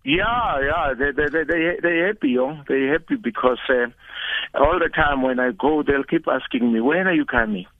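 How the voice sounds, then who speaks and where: An older man with a South African accent, a former football coach speaking as a guest over the phone in a relaxed, chatty way. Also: on the high side, normal speed, no echo. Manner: relaxed, chatty, repeats words when starting. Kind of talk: phone interview. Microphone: telephone. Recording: tinny phone line.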